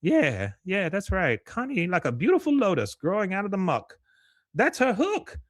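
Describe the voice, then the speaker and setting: A man putting on a high, shrill cartoon dad, uptight and bitter, snapping out indignant lines. The voice leaps way above a normal speaking register and swings around, all of it sitting close and dry on the mic. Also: huge pitch swings, moderate pace, no echo. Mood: eager. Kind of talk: cartoon impression in a recap.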